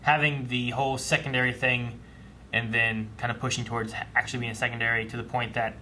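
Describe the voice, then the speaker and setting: A man co-hosting a casual reaction chat, animated and acting out lines as he retells scenes. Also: mid-range voice, fast, slight background noise. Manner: animated, acts out quoted lines. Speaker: show co-host.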